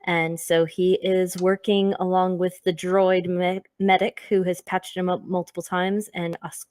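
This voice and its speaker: Low-voiced woman, hesitant backstory read. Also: little pitch movement, a little slow, a little mellow, no echo. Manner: hesitant, lots of ums and self-corrections. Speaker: player. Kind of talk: casual reading of a character backstory. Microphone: online voice call.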